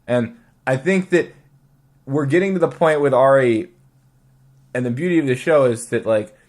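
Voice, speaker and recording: A man's voice: mid-range voice, darkish tone. A man hosts a casual podcast chat in an ordinary mid-range voice. He sounds incredulous and keeps pressing his points. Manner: incredulous, rapid questioning.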